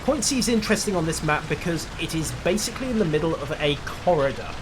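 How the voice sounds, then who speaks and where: Dry gamer-commentator, slightly high voice, wry and knowledgeable, loud game sounds behind. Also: male voice, animated, fast talker, noisy background. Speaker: gameplay commentator.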